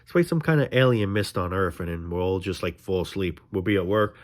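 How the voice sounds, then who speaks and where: Low-voiced man ranting to camera. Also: brisk. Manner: frustrated, ranting, profane, rambling. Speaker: vlogger. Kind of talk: casual monologue to camera.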